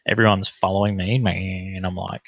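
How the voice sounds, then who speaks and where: A man's voice: low-pitched, little pitch movement, moderate pace, no room sound, lo-fi sound. A young Australian man hosting a casual livestream, telling rambling, sweary anecdotes in broad slang and reading out chat comments.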